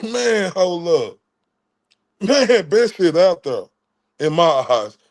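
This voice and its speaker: A man's voice: sits high, sing-song, takes it slowly, a little mellow. A man from Texas, streaming commentary in a preachy way and repeating his phrases.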